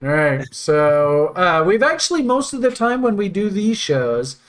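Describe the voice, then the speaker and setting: A man's voice: high-pitched, big pitch swings, a little slow. A man hosting and teaching trading in a casual, rambling way, joking and thinking aloud with many fillers. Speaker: trading instructor and host.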